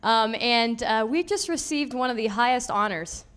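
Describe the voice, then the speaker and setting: A young woman from Indiana performs stand-up on a club stage. Her voice sits high and bright, swinging widely in pitch. She chats along in a self-deprecating way and laughs between her lines. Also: expressive, moderate pace, clean tone. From Indiana, USA. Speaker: stand-up comedian. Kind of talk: stand-up comedy set.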